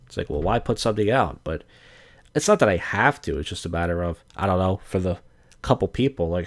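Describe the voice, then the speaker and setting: Man, thirties, podcast host, low-ish voice, crude, swears a lot, uh-filled rambling. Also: a little fast. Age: 30s. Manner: crude, profane, digressive with many fillers. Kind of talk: casual rambling monologue.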